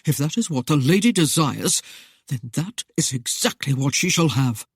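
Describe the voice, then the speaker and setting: A woman's voice: low voice, expressive, moderate pace, a little mellow, no room sound, clean studio sound. A woman voicing a proud young sea captain who speaks stiffly and indignantly in an argument.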